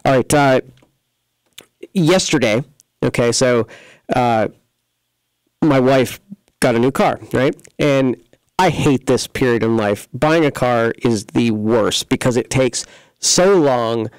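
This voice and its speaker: A man's voice: medium pitch, slow pace, long pauses, clear, resonant tone, dry recording, low-quality recording. A man hosting a local computer repair talk segment, chatting in a rambling, folksy way full of fillers and restarts. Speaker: computer repair shop host. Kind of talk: casual local radio-style talk show. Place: studio.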